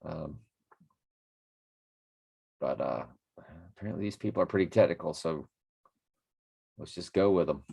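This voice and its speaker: A man hosting a daily Bible study reads scripture aloud and muses on it casually, rambling and correcting himself as he goes. His voice is rumbling low, dark and husky, with vocal fry, a slightly slow pace and long pauses. He sounds a bit winded after a workout.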